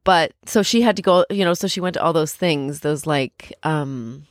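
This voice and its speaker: A woman's voice: deep voice, normal speed, no room sound, clean studio sound. A woman in her thirties co-hosting a podcast, retelling a story in gushing, casual chat full of "like". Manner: chatty, gushing, lots of "like" fillers. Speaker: podcast co-host.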